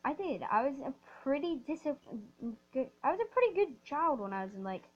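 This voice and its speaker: A woman telling a rambling, excitable story while playing a game, often restarting her sentences. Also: high voice, brisk, lo-fi sound. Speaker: gaming storyteller. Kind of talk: storytime over gameplay.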